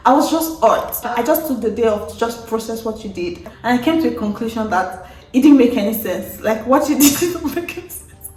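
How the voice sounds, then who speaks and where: Animated woman telling a story, roomy. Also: fairly high pitch, fairly quick, distant mic. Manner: animated, acts out quotes with wailing and laughter. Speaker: vlogger. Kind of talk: casual storytelling to camera. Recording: roomy sound from off-mic.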